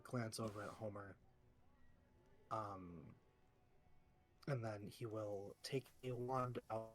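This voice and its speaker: A man's voice: fairly low pitch, fairly bright tone. A man narrating as game master of a tabletop game, hesitant and full of ums.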